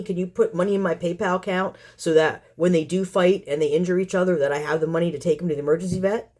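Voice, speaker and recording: Fast and low, with a darkish tone, a woman who cares for community cats and hosts a channel about it unloads on her viewers. It's a vlog rant: fed-up, sarcastic, rambling and repetitive, packed with rhetorical questions.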